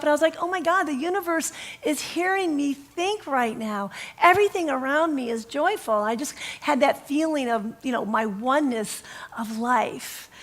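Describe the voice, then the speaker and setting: A middle-aged woman minister giving a casual storytelling sermon, animated and laughing as she acts out dialogue. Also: on the high side.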